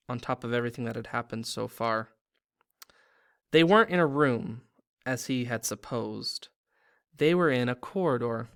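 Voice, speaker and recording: A man's voice: medium pitch, creaky, fairly bright tone, clear, resonant tone. A man hosting a read-aloud video, reading a novel aloud with dramatic pacing.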